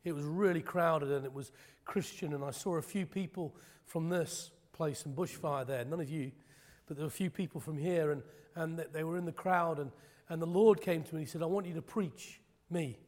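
A man's voice: fairly high pitch, fairly quick, darkish tone, long reverb tail. A man preaching a sermon, moving from prayer to a personal testimony, impassioned and emphatic, with self-deprecating jokes. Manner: self-deprecating, joking asides.

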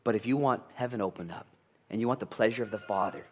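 Lively, joking male preacher. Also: lowish voice, fast. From United States. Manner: animated and conversational, with jokes, asides and sudden loud bursts. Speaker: pastor. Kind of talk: sermon.

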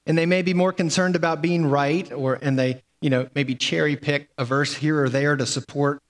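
Male pastor, relaxed sermon delivery with fillers and restarts, slightly high voice, recorded with long reverb in a large church. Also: normal speed. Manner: conversational, with fillers and repeated words.

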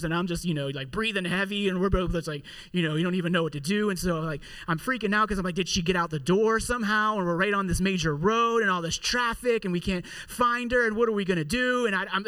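A man in his thirties telling a casual personal story in a talk about gratitude. He is chatty, fills his speech with "like" and drops quieter for wry asides. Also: sits high. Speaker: father giving a motivational talk.

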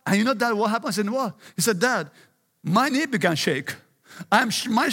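A man's voice: high-pitched, expressive, normal speed, a bit bright, breathy edge, in a large hall. A middle-aged male pastor preaching an emphatic sermon, often urging listen and praise God.

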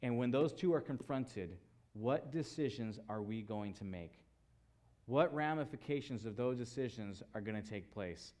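A man delivers a sermon at an average pitch. He stresses his points with repetition and keeps returning to rhetorical questions. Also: expressive, moderate pace, darkish tone. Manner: emphatic preaching with repeated phrases and rhetorical questions. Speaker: pastor.

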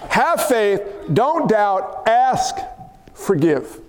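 High-voiced animated preacher in a reverberant hall. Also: male voice, extremely slow. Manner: animated, jokey preaching with acted-out quotes. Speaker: pastor. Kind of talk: sermon.

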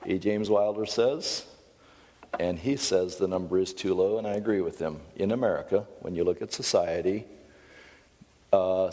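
A man's voice: sits low, a little mellow, long reverb tail. A middle-aged man teaching at a Christian seminar, speaking emphatically and earnestly, with self-deprecating asides.

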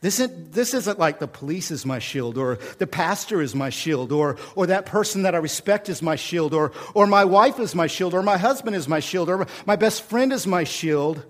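A middle-aged pastor from Oklahoma with an Oklahoma accent, preaching a folksy, animated sermon full of humor and repetition. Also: male voice, high-pitched, moderate pace, few pauses.

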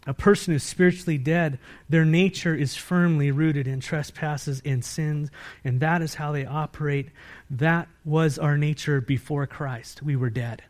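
An American man preaching a sermon from the pulpit, his voice sitting a little higher than most men's. He keeps asking the congregation questions and answering them himself. His delivery swings from loud, emphatic peaks down to quiet, low-voiced stretches. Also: steady tone, measured pace. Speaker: pastor.

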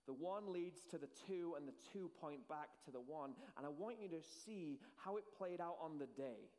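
High-voiced man preaching in a hall. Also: animated, darkish tone. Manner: earnest preaching with dramatic pauses. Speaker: pastor. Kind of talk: sermon.

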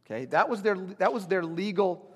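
Storytelling preacher in a reverberant sanctuary. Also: male voice, high voice, expressive, moderate pace. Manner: storytelling preacher acting out quoted voices. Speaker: pastor. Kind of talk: sermon. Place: church sanctuary. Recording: long hall reverb.

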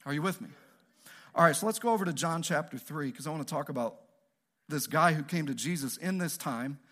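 A male pastor preaching a sermon in an animated, joking, conversational way, often asking the audience questions. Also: sits high.

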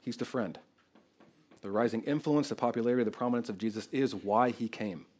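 Animated conversational male preacher. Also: mid-range voice, fairly quick. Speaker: pastor. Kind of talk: expository sermon.

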